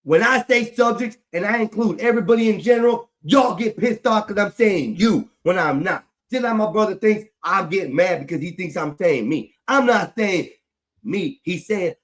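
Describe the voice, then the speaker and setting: A grown man ranting on a livestream, profane and frustrated, repeating himself as he vents. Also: high-pitched. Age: adult. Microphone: streaming mic.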